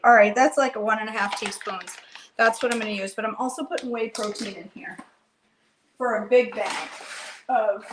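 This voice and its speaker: A chatty woman hosts a live cooking show from her home kitchen, talking herself through each step and calling her viewers "girl." Her voice sits a bit high, and the room around her rings with echo and a faint hiss. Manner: chatty, talks to herself and viewers while working; folksy slang, calls viewers girl.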